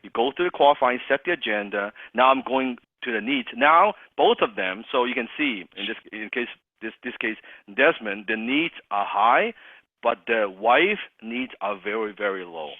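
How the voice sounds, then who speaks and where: A man's voice: mid-range voice, moderate pace, no room sound. Laughing male sales coach, tinny call. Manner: animated, laughs often, restarts phrases. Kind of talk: sales training role-play demo.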